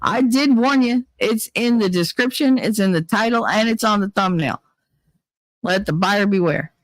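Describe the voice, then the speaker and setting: A woman's voice: medium pitch, moderate pace, no room sound. A woman hosting a livestream, reading out chat and talking things through in a candid, joking way, her voice a little worn. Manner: candid, joking, drifts between reading chat and musing aloud. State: tired, voice worn.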